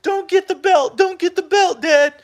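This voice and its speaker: A man putting on a cowering, whimpering voice that begs not to be hit, high and mocking. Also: fairly even intonation, normal speed. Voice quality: high whiny falsetto.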